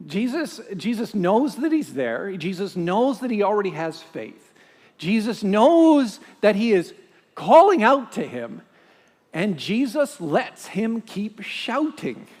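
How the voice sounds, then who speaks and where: Animated pastor preaching. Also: male voice, high voice, takes it slowly, in a large hall. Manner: animated storytelling, rhetorical questions. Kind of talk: sermon.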